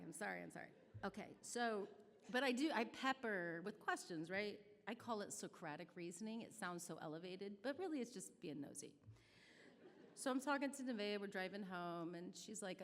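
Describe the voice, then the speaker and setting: A woman's voice: on the low side, brisk. Chatty Midwestern woman speaking in a hall. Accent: Midwestern American. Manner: chatty, self-deprecating, emotional storytelling. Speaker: nonprofit staff speaker. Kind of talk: storytelling speech at a charity brunch. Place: banquet hall. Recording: reverberant hall audio.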